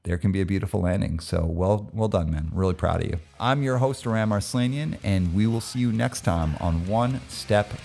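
Middle-aged male podcast host, low gravelly voice, easygoing and casual. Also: normal speed, hardly any pauses, darkish tone, soft background music. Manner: easygoing, loose, lots of fillers. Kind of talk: casual interview chat.

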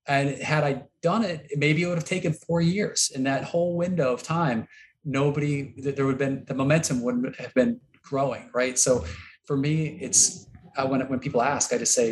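A man's voice: medium pitch, fairly even intonation, normal speed, a little hiss or hum. Thoughtful man answering interview questions. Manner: thoughtful, hesitant, many restarts. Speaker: guest, record label founder.

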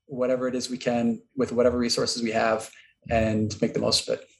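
Male interview guest, middle pitch, hesitant and reflective, faint background noise. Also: little pitch movement, a little fast, vocal fry. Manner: thoughtful, hesitant, many restarts. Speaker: guest, record label founder. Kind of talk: interview answers.

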